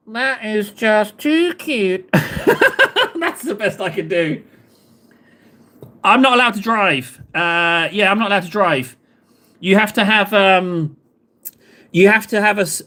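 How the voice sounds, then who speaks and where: Southern English man, livestream host, high voice, very animated, rambling and self-mocking. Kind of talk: casual chat to live viewers.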